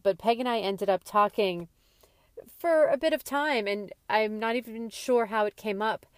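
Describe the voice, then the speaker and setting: A woman hosting a podcast, speaking in a slow, sincere and reflective way. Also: fairly low pitch, clean tone, no echo, studio quality. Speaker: podcast host. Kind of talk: podcast narration.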